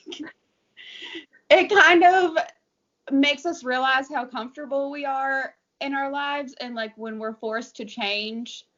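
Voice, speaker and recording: Brief: earnest woman co-host, slightly high voice, open and giggly, dull lo-fi audio. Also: a bit bright. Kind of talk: casual heart-to-heart chat. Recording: dull lo-fi sound.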